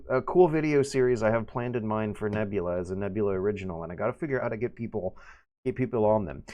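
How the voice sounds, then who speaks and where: A man in his thirties chatting casually on a livestream, rambling with many restarts and fillers and sudden louder bursts. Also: medium pitch, clear, resonant tone. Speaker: streamer.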